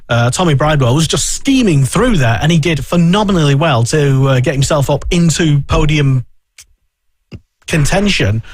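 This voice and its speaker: A man's voice: mid-range voice, no room sound. A man hosting a casual motorsport radio chat, rambling and hesitant with lots of fillers. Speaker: radio show host.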